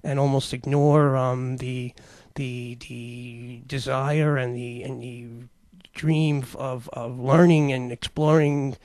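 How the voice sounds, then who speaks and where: A man's voice: medium pitch, little pitch movement, slow, darkish tone, dry recording. A man hosting a talk show, commenting casually on clips and rambling with many fillers and restarts.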